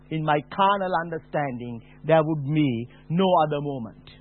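A man preaching a personal testimony, dropping to a hush and then rising to a shout. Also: fairly high pitch. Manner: slow, dramatic, swings from hushed to shouting. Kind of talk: testimony sermon. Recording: tinny phone-like sound.

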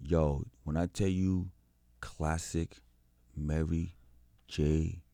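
Guy in his 40s on a podcast, deep voice, tells stories with voices, curses a lot, dry mic. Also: drawn-out words, vocal fry, no room sound. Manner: animated storytelling, acts out voices, swears freely. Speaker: guest musician. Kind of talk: casual interview chat.

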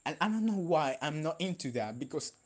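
A man's voice: fairly high pitch, animated, brisk. A young man whose first language is Spanish, venting in a casual vlog, rambling and swearing with many fillers and restarts. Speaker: vlogger.

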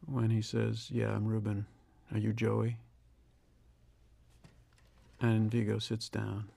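Flat, gravelly man giving film commentary. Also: fairly low pitch, no echo. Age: 60s. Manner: reflective, measured, with pauses and restarts. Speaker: film director. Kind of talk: audio commentary.

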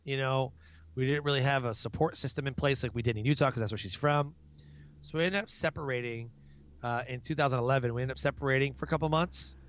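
A man's voice: mid-range voice, fast talker, fairly bright tone, lo-fi sound, a little hiss or hum. A man in his thirties, a military NCO, telling stories about family life in a casual interview, laughing and acting out his own outbursts. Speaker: guest; military non-commissioned officer.

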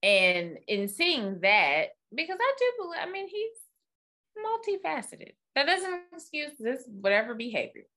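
A woman co-hosts a podcast in a high, sharp, very animated voice, speaking a little slowly. She chats casually and rambles, full of fillers and asides.

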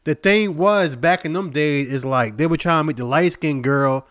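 A man's voice: on the high side, normal speed, fairly bright tone, dry recording, studio quality. A man co-hosting a podcast, talking in a blunt, crude, opinionated way. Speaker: podcast co-host. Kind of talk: casual chat.

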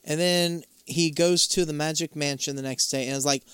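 Dude on a podcast cracking crude jokes while recapping, smooth clear voice, dry close sound. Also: male voice, fairly high pitch, fairly even intonation, moderate pace, a bit bright, no echo. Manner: joking and wry, retells plot with crude asides. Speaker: podcast co-host. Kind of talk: casual chat recapping a TV episode.

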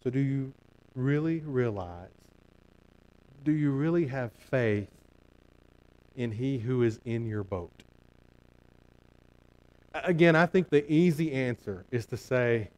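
A man's voice: mid-range voice, slow, pauses often, a little mellow, poor audio. Earnest male pastor preaching. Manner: earnest, repetitive emphasis with frequent restarts. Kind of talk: sermon.

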